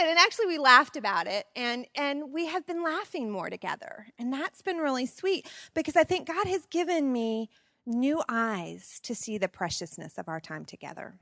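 A woman in her forties telling personal stories at a parenting seminar, expressive and laughing often. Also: high voice, moderate pace, no room sound, clean studio sound. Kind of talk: personal storytelling talk.

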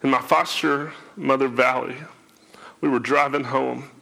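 A man's voice: medium pitch, steady tone, measured pace, vocal fry, pushed and bright. A man telling his life story to an audience, emotional and tearful, often repeating words as he speaks. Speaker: speaker sharing his testimony. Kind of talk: personal testimony to an audience.

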